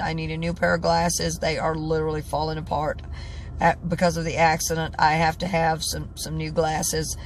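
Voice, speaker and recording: A tired woman in her sixties talking in a casual vlog, stressed and halting, often repeating herself and restarting sentences. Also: fairly low pitch, a little hiss or hum. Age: 60s. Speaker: vlogger. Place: in her truck at a truck stop.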